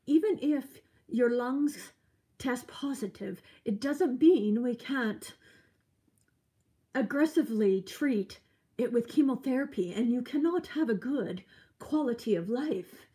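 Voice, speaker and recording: A woman's voice: on the high side, animated, slow. Woman doing a kindly older British doctor. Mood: reassuring. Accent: attempted British. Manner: warm, reassuring, addresses listener as "dear".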